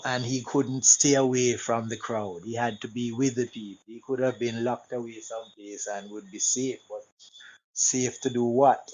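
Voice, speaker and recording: A man giving his view as a guest in a panel discussion, soft-spoken and steady. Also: fairly low pitch, rough recording.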